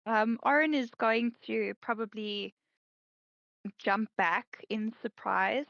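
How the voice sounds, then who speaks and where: Woman, high voice, hesitant, lots of fillers, role-play narration, dull dry recording. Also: takes it slowly, vocal fry, fairly bright tone, no room sound. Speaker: player.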